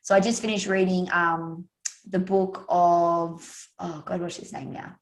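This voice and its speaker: A woman's voice: on the low side, flat delivery, a little slow, poor audio. An Australian woman, a guest speaker and author, talking in a chatty, storytelling way on a podcast. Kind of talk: casual podcast interview.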